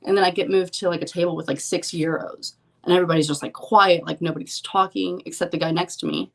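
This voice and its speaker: Chatty young woman, low-ish voice. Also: fast talker, gravelly, a bit bright. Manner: chatty storyteller, lots of "like" and "um". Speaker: professional poker player, podcast guest. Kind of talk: casual interview chat.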